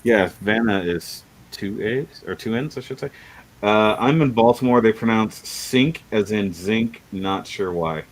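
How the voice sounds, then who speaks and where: A man's voice: on the low side, measured pace, low-quality recording. A man hosting a casual livestream chat, rambling and laughing often. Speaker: livestream host.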